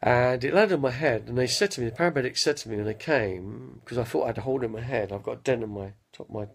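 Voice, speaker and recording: A man in his fifties telling rambling stories on a live stream, speaking slowly with a slight stutter and often losing his train of thought. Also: medium pitch. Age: 50s. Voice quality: gravelly, husky. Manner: slow, halting, loses his train of thought. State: mild stutter after head injury. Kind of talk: rambling casual storytelling.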